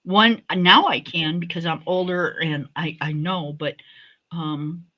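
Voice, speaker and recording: A woman hosting a livestream, chatting in a relaxed way and reminiscing. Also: on the low side, takes it slowly, highs cut off. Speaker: livestream host. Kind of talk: casual chat.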